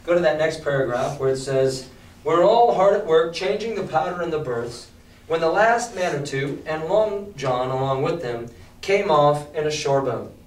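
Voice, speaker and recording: A man's voice: on the high side, normal speed. Male teacher reading aloud in an echoey classroom. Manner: animated, asks the class questions. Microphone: distant mic. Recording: echoey classroom, distant mic.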